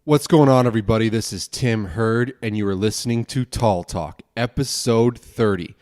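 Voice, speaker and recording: A man's voice: fairly low pitch, moderate pace, a little mellow. A young man hosting his own podcast alone, ranting angrily with plenty of swearing and rambling asides. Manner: angry, profane, rambling rant. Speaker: podcast host.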